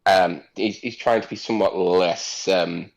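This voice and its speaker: A man's voice: sits low, steady tone, unhurried, gravelly, rough recording. A man playing a tabletop game, narrating his character's actions in a rambling way. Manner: rambling, with many fillers. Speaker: player. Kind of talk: tabletop role-play narration.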